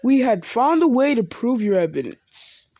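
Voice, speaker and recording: A woman gives a loud, cheerful strongman hero who shouts every proclamation. The voice rises high and rings with warmth. The sound is dry and close. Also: sing-song, normal speed, no room sound. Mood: booming. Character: loud heroic muscular man, booming and cheerful.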